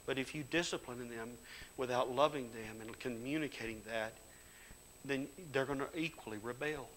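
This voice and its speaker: A middle-aged man preaches in a church, his voice sitting at an ordinary pitch. He moves between homespun storytelling and loud, fervent calls to his congregation. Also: moderate pace, a little hiss or hum, low-quality recording. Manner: folksy storytelling with Southern grammar, rising to fervent loud exhortation. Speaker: pastor. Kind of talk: sermon. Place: church sanctuary.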